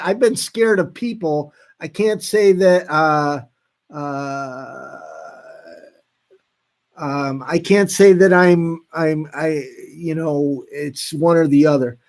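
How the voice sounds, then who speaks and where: A man hosting a live stream, reading out viewer comments in a casual, halting way with frequent restarts. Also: a little high, steady tone. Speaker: livestream host reading chat.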